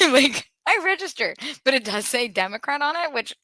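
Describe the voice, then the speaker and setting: A woman's voice: high voice, big pitch swings, moderate pace, sharp tone, no echo. A woman hosting a podcast in casual talk, earnest, with nervous laughs and frequent restarts. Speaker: podcast host.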